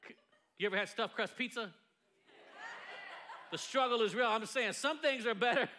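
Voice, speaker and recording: Male pastor, high voice, bright and ringing, jokey sermon delivery. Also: normal speed, a little hiss or hum. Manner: playful, joking, lively delivery with laughs. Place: church sanctuary before a congregation.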